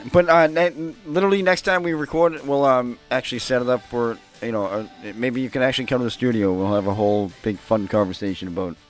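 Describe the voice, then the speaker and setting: A man's voice: mid-range voice, steady tone, fairly quick, soft background music. A man co-hosting a casual podcast, joking and laughing easily. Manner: joking, apologetic, laughs often. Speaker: podcast co-host. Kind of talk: casual chat.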